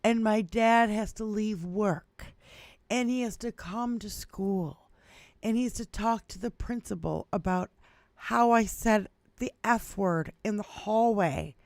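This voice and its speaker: A woman co-hosting a casual livestream chat, telling stories in an animated way, swearing freely and laughing often. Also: mid-range voice, slow, dry recording. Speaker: livestream co-host.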